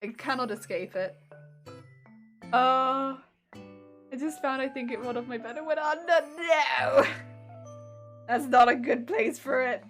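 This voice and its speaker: A woman's voice: high voice, moderate pace, pauses often, a bit bright, faint music behind. A British woman chatting casually with her live-stream viewers while she crafts, often breaking into laughter. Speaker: cosplay streamer.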